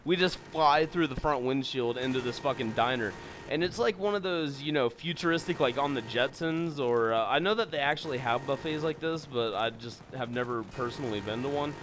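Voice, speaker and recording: The gameplay commentator is a young man with a mid-range voice and a brisk pace, heard over background noise. He rambles casually through stories, swearing a lot and leaning heavily on fillers.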